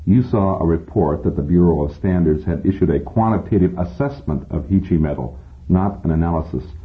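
A man reads as a matter-of-fact male professor who explains things briskly to his class. The voice is very deep. It is thin and tinny, like a phone line. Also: lightly acted. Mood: lecturing. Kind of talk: audiobook reading.

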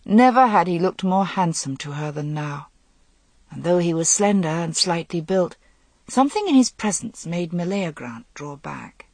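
Audiobook narrator, steady storytelling, dry close sound. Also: medium pitch, normal speed, no room sound. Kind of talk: scripted narration.

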